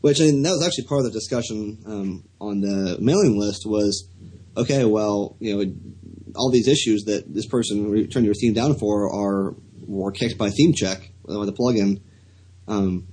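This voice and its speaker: A man's voice: lowish voice, normal speed, dark tone, husky, poor audio. A man co-hosting a casual podcast, talking in a rambling, hesitant way with many restarts. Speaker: podcast co-host.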